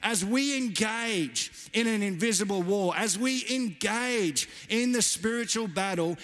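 A man's voice: high voice, expressive, measured pace, hardly any pauses, a bit bright. A man in his thirties preaching a sermon as pastor, earnest and emphatic, repeating key phrases. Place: church. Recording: church hall reverb.

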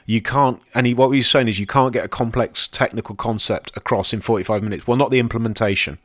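A man's voice: mid-range voice, fast talker, no room sound. A man co-hosting a podcast, chatting casually and rambling with plenty of ums and self-deprecating asides. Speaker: podcast co-host and conference speaker.

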